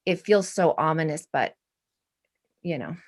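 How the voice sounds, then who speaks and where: Woman, 40s, guest artist, low-ish voice, rambling and sincere. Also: lively intonation, a little slow. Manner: rambling, earnest, many restarts. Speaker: guest artist and art professor. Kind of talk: spiritual casual interview.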